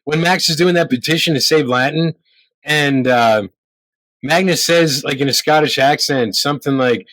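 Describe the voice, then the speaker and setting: A man talks loosely through a movie with his co-host, tossing out quoted lines and steady agreement. His voice sits a little high, recorded close and dry with no room sound. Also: normal speed, no echo, low-quality recording. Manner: quotes movie lines in a flat reading voice, many yeahs. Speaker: podcast co-host. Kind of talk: casual film review chat.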